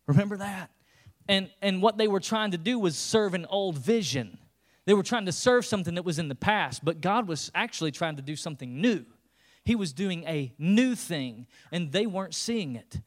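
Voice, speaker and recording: A man with a fairly high voice preaching as the pastor of his church. He tells the scripture story with loose, joking asides and jumps into quick character voices. The delivery is casual and animated. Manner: lively, humorous storytelling with playful character voices. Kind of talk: sermon.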